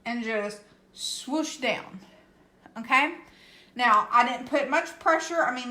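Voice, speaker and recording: Casting note: higher-voiced woman, relaxed craft-tutorial host, reassuring, echoey room. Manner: chatty, reassuring, tags with "okay?". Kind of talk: casual painting tutorial.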